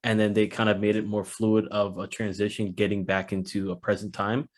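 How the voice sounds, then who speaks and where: A man speaking as a guest on a casual podcast, earnest and measured. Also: on the low side, level tone. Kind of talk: casual chat.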